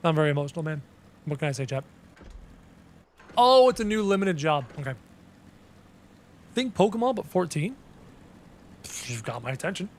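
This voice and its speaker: A man's voice: high-pitched, very animated, moderate pace, long pauses. A man streaming a game live, chatting casually with his viewers in a playful, teasing, self-mocking way.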